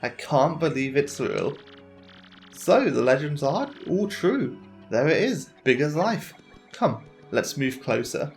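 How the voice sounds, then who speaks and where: Guy doing a slow-talking old professor, all amazed and scholarly. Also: a little high, very animated, soft background music, exaggerated voice. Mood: awed.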